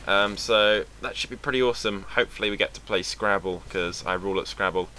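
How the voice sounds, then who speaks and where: A young Englishman with a British accent rambles through a casual vlog, sarcastic and swearing freely. His voice sits fairly low yet sounds bright and forceful, with a faint hiss of background noise in the room. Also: a little fast. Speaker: vlogger.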